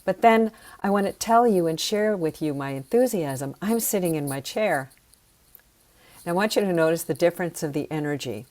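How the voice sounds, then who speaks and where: A woman teaching sound healing, leading slow, soothing breathing and voice exercises. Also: lowish voice, lively intonation, a little mellow.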